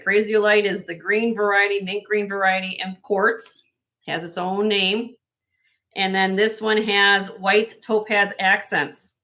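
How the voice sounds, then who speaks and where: Selling jewelry on a live stream, a woman speaks in a medium-pitched voice that sounds pushed and bright. Her chat is sales-driven, and she calls out buyers by name.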